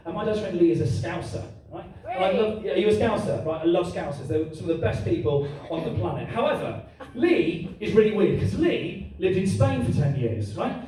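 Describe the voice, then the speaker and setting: A man's voice: high-pitched, fairly quick, few pauses. A man performing a stand-up comedy routine, telling stories with heavy swearing to a live audience. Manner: animated storytelling, heavy swearing. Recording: echoey room, mic at a distance, audience noise.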